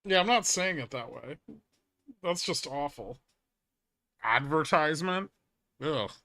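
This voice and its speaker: A man's voice: fairly high pitch, lively intonation, a little slow, creaky, pushed and bright, dry recording. A man hosting a casual live trading stream, answering chat with dry, wry banter. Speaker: livestream trading host.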